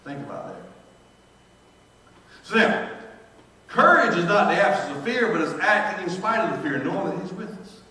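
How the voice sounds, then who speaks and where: Dramatic preacher, echoey hall from afar. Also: male voice, high voice, sing-song, normal speed, pauses often. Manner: dramatic storytelling, shifting from hushed to shouting. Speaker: pastor. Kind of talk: sermon. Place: church sanctuary. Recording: echoey church hall, distant mic.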